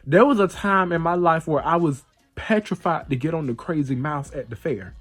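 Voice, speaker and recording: A man's voice: on the high side, normal speed, faint music behind. A man hosting a podcast, telling a story in a casual, playful way and acting out the voices of the people in it. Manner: animated, playful, acts out the voices in his stories. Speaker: podcast host.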